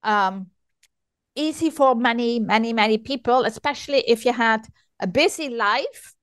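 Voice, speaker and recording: An older woman hosting an interview, speaking haltingly and searching for words with many pauses on a close microphone. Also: a little high, fairly bright tone, clear, resonant tone, no room sound. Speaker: podcast host. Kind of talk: conversational interview.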